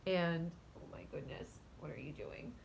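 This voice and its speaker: A woman's voice: low-pitched, moderate pace, vocal fry, dull audio, slight background noise. Chatty woman telling a rambling story. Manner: rambling and animated, many fillers and restarts, with laughs; talks to her cat mid-story. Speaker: vlogger and spiritual coach. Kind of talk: casual storytelling to camera.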